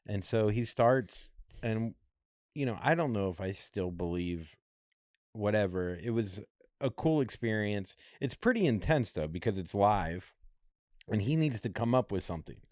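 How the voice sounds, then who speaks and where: A man's voice: on the low side, measured pace, no room sound, studio quality. A man co-hosting a podcast, telling a story in a casual, jokey way and acting out what people said. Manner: animated, jokey, acts out quotes in other voices. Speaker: podcast co-host.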